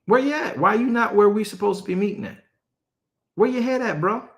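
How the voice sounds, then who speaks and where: Man voicing God as an insistent male figure, raised high pitch, loud, urgent, slangy repeated questions. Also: lively intonation, a little fast, lo-fi sound.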